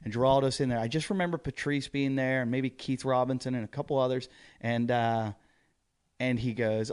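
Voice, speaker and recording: Lively storytelling comedian, man. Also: mid-range voice, brisk, clear, resonant tone. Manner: lively storyteller, swears freely, mimics others. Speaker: comedian guest. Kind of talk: casual chat, storytelling. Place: podcast studio.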